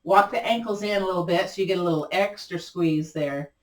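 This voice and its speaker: A woman teaching a gentle yoga class, giving encouraging, chatty cues and repeating them often, her voice cracking a little. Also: lowish voice, fairly quick, roomy sound, recorded from a distance. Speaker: yoga instructor. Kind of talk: guided yoga class instruction.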